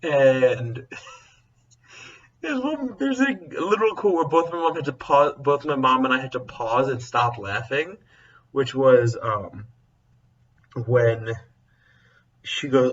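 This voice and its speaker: In a relaxed vlog, a teacher talks to camera in a mid-range, expressive voice, going slowly and pausing often. He rambles, chuckles, and keeps interrupting himself with corrections. He's recorded from a distance with lo-fi sound.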